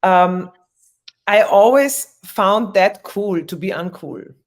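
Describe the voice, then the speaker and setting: A woman's voice: medium pitch, slow. Woman on a podcast, chatty storyteller who restarts a lot and does little voices. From Germany. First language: German. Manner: animated storyteller, frequent restarts, mimics other voices. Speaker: guest. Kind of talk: conversational interview.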